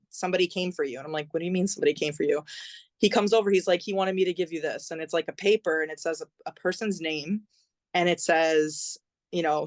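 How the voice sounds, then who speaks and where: A woman's voice: fairly low pitch, no echo. Chatty woman telling a story. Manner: chatty, many fillers, acts out quoted dialogue. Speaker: podcast guest, singer-songwriter. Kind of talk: conversational storytelling.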